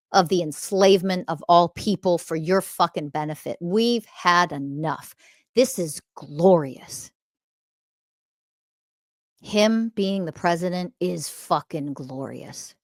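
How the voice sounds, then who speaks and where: A woman's voice: lowish voice, slow pace, no echo, clean studio sound. Profane, scolding woman podcast host. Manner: swings between loud emphasis and quiet muttering. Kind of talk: ranting monologue.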